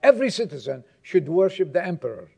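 A man preaching a sermon as pastor, telling stories dramatically and moving between loud exhortation and hushed tones. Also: sits high, very animated, quick pace, creaky, husky.

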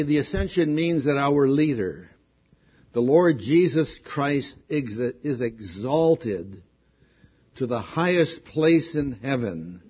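A man preaching a sermon, slow and deliberate, rising to excitement on his key points. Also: fairly high pitch, breathy edge. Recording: dull lo-fi recording.

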